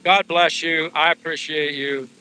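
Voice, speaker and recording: A man's voice: on the high side, flat delivery, a little slow, bright, forceful tone, slight background noise, rough recording. A man in his fifties from the USA, chatting casually in a live stream while out walking, friendly and rambling with lots of fillers. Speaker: vlogger. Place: outdoors on a walk. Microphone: phone at arm's length.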